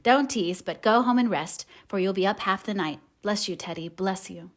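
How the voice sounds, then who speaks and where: An impulsive, tender-hearted teenage girl from a classic novel, voiced by a woman reading aloud. She swings between heavy sighs and bright, high-pitched outbursts. It is a plain audiobook reading of a storybook character. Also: normal speed, close to an everyday voice. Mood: flustered. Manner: emotional, breaks into high excited cries. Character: passionate tomboyish teenage girl, warmhearted.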